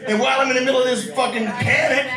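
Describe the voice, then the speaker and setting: A man doing a stand-up comedy set, telling loud, profane stories in a small room with a live audience. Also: very high-pitched, fairly even intonation, racing. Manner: loud, rowdy storytelling with profanity. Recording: roomy, distant live-room recording with crowd laughter.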